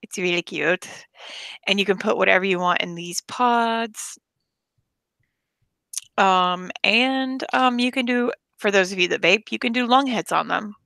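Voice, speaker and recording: A woman's voice: medium pitch, measured pace, gravelly, sharp tone, smooth, dry recording. A woman chatting casually on a livestream, rambling with lots of fillers. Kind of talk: casual chat.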